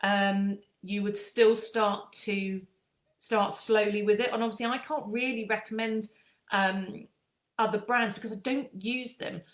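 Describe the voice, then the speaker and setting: A woman chatting casually through a skincare explanation, often pausing on fillers and restarting. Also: mid-range voice, steady tone, reverberant. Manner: chatty, with frequent ums and restarts. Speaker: skincare aesthetician.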